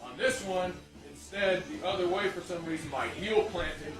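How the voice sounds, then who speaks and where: A young man telling a story as an interview guest, animated and profane, rambling with many restarts. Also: high voice, moderate pace. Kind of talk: casual storytelling. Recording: echoey room, distant mic, music behind.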